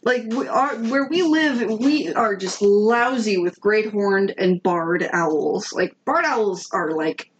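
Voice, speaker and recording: A woman co-hosting a podcast, excitable and rambling, often laughing as she chats. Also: medium pitch, takes it slowly, few pauses, highs cut off, a crowd in the background. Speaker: podcast co-host. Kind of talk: casual chat.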